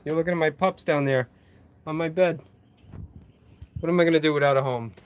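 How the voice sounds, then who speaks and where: A vlogger hosts a livestream from a boatyard on a handheld phone, reading viewer comments aloud. His fairly high voice moves briskly as he rambles, pokes fun at himself and chuckles often.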